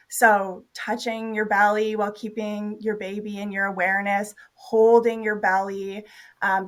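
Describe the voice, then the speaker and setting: A woman birth worker answering interview questions in a calm, measured, gentle way. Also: medium pitch.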